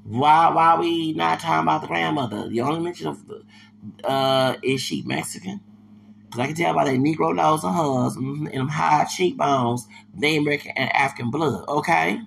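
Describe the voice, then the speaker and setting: A man from Houston with a raised, gravelly voice lays into his subject in a heated podcast rant. He circles back on the same points again and again in loose, slangy talk. A faint hiss runs under his voice. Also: fairly high pitch, moderate pace. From Houston, Texas. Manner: heated, slangy, repetitive, with loud bursts of laughter. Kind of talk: ranting commentary monologue.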